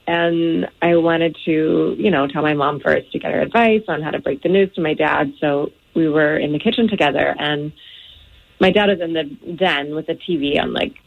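Lady caller on the radio, chatty storyteller, kinda husky. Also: sits low, normal speed, phone-quality sound. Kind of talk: telling a story on a call-in.

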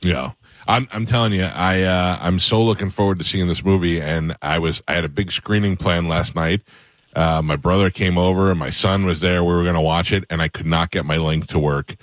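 A man's voice: low-pitched, fairly even intonation, a little fast, dry recording. A man hosting a radio show, joking and chatting with a guest in a chummy way. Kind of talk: casual radio banter. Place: radio studio.

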